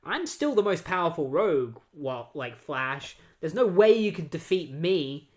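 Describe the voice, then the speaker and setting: An arrogant male villain bragging about his power, loud and boastful as a podcast host puts him on. Casual, quick quoting rather than deep acting. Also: very animated.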